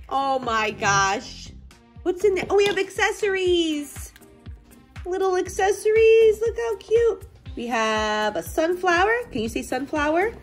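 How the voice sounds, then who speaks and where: A woman toy blogger chatting casually at home as she unboxes toys, gushing and gasping with excitement. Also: extremely high pitch, unhurried, soft background music. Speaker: toy collector and parent blogger.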